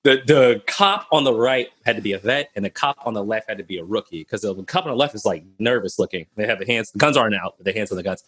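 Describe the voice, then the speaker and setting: Speaking fast with hardly any pauses, this young Minnesotan has a fairly low, breathy voice. As a podcast guest on a video call, he tells stories animatedly, laughing and imitating the voices of the people involved.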